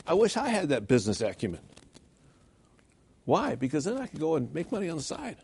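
A man preaching a sermon in a church, animated and rhetorical, often checking in with "okay?". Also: on the high side, brisk, gravelly, breathy edge. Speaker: pastor.

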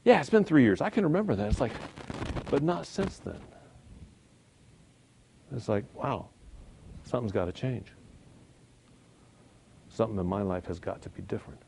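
A man's voice: mid-range voice, darkish tone. Folksy man teaching a church Bible lesson. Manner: conversational, folksy, chuckles at own points. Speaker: Sunday school teacher.

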